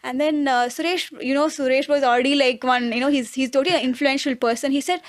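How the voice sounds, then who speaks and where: High-voiced woman, chatty storyteller. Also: quick pace, dry recording, clean studio sound. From Tamil Nadu, India. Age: 30s. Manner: lively anecdotes with many restarts and tag questions. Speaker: podcast guest. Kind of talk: casual storytelling interview.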